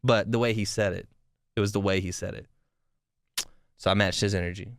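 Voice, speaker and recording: A young man hosting a podcast, telling a story in a rambling, animated way with frequent swearing and restarts. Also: lowish voice, brisk, creaky, smooth, dry recording. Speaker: podcast host. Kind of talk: casual storytelling.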